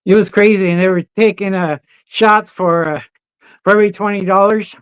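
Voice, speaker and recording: A man's voice: high voice, normal speed, clear, resonant tone, no room sound. A man as a podcast guest, telling casual stories full of swearing and laughter. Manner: swears freely, animated anecdotes with laughter. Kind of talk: casual chat, storytelling.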